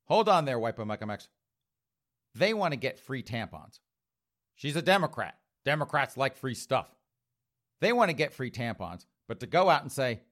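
A man's voice: mid-range voice, sing-song, normal speed, fairly bright tone. A middle-aged man hosting an opinion talk show, ranting in a sarcastic, mocking tone. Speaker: host.

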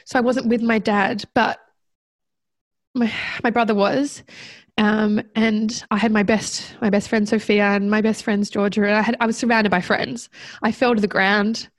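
A woman guest recounting a personal story in conversation, reflective and halting, with many fillers and restarts. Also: mid-range voice, level tone, no room sound.

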